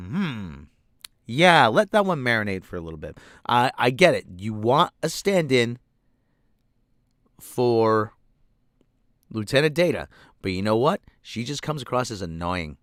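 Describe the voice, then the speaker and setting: A sarcastic, exasperated man tears into a show he is reviewing, swearing freely. His pitch swings widely as he rants. The sound is dry and close, with no room around him. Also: big pitch swings, takes it slowly, long pauses, fairly bright tone, clear, resonant tone, no echo. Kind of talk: ranting commentary.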